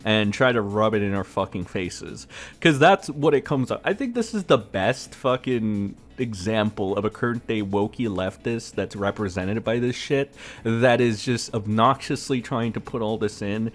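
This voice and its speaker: A man's voice: fairly low pitch, moderate pace, soft background music. A man giving a profane, sarcastic rant as a gaming commentator. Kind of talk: ranting commentary vlog.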